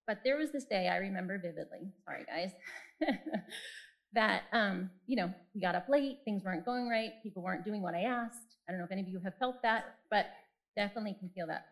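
A woman's voice: medium pitch, low-quality recording. A woman in her forties giving a personal faith talk, candid and self-deprecating as she tells stories from her own life. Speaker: speaker.

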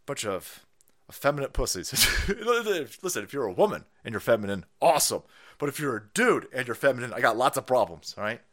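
A man hosts a casual, ranting political live stream in a medium-pitched, sing-song voice at a brisk pace. He's profane and mocking, laughs often, and puts on silly voices.

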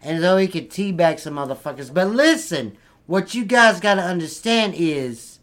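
A man's voice: high-pitched, animated, moderate pace, fairly bright tone. A man in an improvised comedy skit, blustering and swearing nonstop. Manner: profane, blustering, rowdy.

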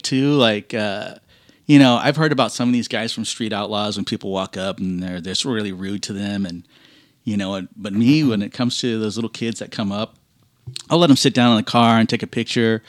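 A man chats casually on a podcast, jumping into quick impressions of the people he's talking about and laughing as he goes. His voice sits in the middle of the male range. The recording is dry and close, with no room sound. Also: medium pitch, no echo. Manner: animated storyteller, acts out quoted voices, laughs often. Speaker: guest racer.

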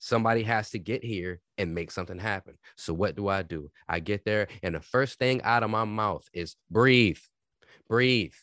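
A man co-hosting a podcast, telling stories in casual, profane, animated chat. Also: lowish voice, brisk, few pauses, no echo, clean studio sound. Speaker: podcast co-host.

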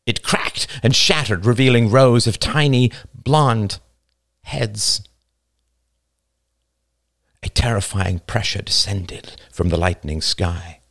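A man narrating a novel as an audiobook, slow, deliberate and dramatic. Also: lowish voice, creaky, a bit bright, no echo, clean studio sound.

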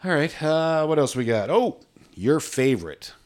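A man's voice: on the high side, big pitch swings, normal speed, darkish tone. A man co-hosting a podcast, chatting casually in a joking, rambling, easygoing way. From Virginia. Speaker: podcast co-host. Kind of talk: casual chat.

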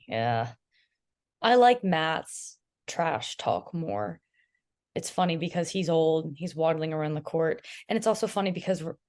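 A young woman guesting on a podcast, chatting casually and telling stories animatedly, quoting others in mimicking voices. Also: lowish voice. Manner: animated storytelling, imitates others, laughs. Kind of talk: casual chat.

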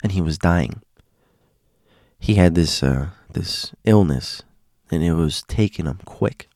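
A man hosting a show, telling a story in a casual, halting way, often repeating words and dropping to a hushed voice. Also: sits low, dry recording, clean studio sound. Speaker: host.

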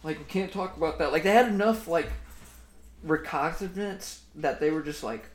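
A man's voice: fairly high pitch, normal speed. A young man co-hosting a podcast, telling a story in a rambling, profane way with lots of fillers. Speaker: podcast co-host. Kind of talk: casual storytelling chat. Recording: echoey room, faint noise.

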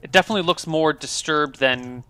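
A man's voice: fairly high pitch, brisk, bright, forceful tone, clear, resonant tone, no echo. A man narrating a tabletop game as game master, describing scenes in loose, improvised narration.

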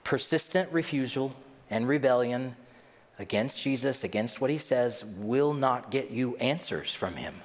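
A man preaching a sermon in a lively, animated way, acting out the voices of the people he quotes. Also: mid-range voice, measured pace. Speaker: pastor. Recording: long hall reverb.

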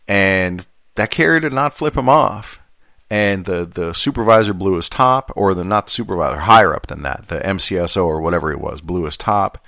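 A man's voice: low voice, moderate pace, creaky, bright, forceful tone, no room sound, studio quality. A man who is a union steward, reading out a workplace statement and then talking it over in an earnest, conversational way. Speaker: union steward and mail carrier. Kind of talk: reading a statement aloud, then casual commentary.

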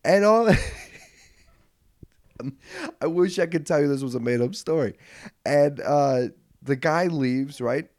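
Animated man telling a funny story. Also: a little high, moderate pace, dry recording, studio quality. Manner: animated, swings from mutters to yelling; swears casually, laughs mid-story. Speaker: podcast host. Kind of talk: comedic storytelling. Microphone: podcast studio mic.

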